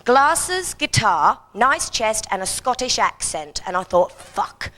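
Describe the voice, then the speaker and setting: A woman's voice: a little high, very animated, measured pace, pushed and bright. Brash woman doing bawdy stand-up. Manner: bawdy, brash, punchy delivery. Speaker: stand-up comic. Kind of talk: stand-up comedy routine. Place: outdoor festival stage.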